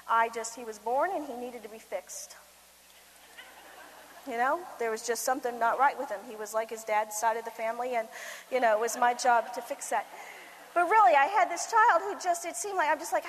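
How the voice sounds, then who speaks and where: A high-pitched middle-aged woman holds forth at a conference, swinging from hushed asides to loud, animated storytelling. Her voice rings with the long reverb of a big hall. Faint background noise sits under it. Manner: animated storytelling, acts out quotes, sudden loud bursts. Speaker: conference speaker for mothers. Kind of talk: humorous motivational talk.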